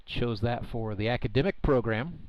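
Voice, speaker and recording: A man calling a baseball game live as play-by-play commentator, relaxed and chatty with dry humor. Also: mid-range voice, normal speed, no echo, dull audio. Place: ballpark broadcast booth.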